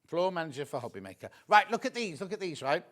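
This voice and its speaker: A chatty, excitable man hosts a live shopping show. His voice sits high for a man, and he gushes over each product while chatting with viewers and crew. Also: fast talker. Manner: lively and gushing over the products. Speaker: shopping channel presenter.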